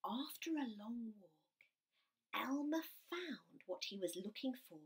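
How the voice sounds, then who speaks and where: Woman teacher, children's story time, sound-effect cues, high, lively voice. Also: unhurried, breathy edge.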